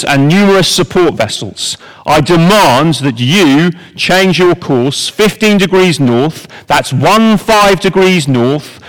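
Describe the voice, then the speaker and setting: A man acting out a self-important male navy captain who barks slow, loud orders over a radio. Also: on the high side, in a large hall, voice pushed up, low-quality recording.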